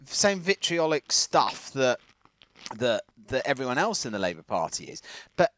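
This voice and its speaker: A man with a slightly plummy southern English accent, co-hosting a casual countryside podcast, talking in an animated, rambling way. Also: mid-range voice, no echo. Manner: animated, rambling, laughs often. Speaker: podcast co-host. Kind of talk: casual chat.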